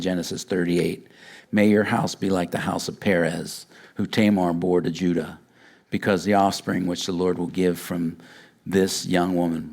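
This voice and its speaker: Gravelly-voiced man preaching a sermon. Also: low voice. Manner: animated retelling, acts out dialogue. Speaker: pastor. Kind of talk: verse-by-verse sermon.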